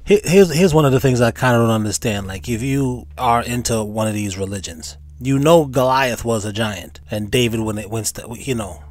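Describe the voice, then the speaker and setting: A man's voice: mid-range voice, moderate pace, few pauses, faint music behind. A man hosting a reaction video, thinking aloud in a rambling, informal way. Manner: rambling, conversational, informal grammar. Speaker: host reacting to clips. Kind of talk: casual reaction commentary.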